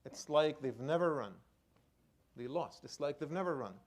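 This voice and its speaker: Man, imam, sermon, fairly high pitch, dramatic storytelling, hushed low moments. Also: animated, moderate pace. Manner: storytelling with sharp swings between loud outbursts and hushed low lines.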